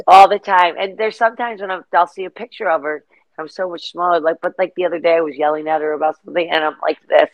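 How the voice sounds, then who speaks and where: A middle-aged woman as an interview guest, telling rambling, animated stories in casual chat. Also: on the low side, fast, dry recording, dull audio.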